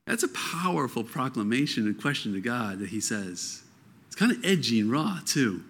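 A man preaching a sermon, earnest and conversational, reading scripture and breaking into animated quoted outbursts. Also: medium pitch, moderate pace, husky. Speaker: pastor.

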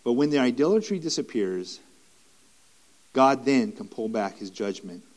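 A man's voice: mid-range voice, expressive, moderate pace, darkish tone. A man preaching a sermon in an earnest, repetitive way, with restarts and rising emphatic stretches.

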